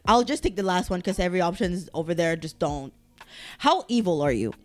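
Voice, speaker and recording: A woman's voice: on the low side, animated, brisk, faint music behind. A woman hosting a casual solo podcast, talking animatedly and swearing as she reacts to quiz results. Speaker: podcast host.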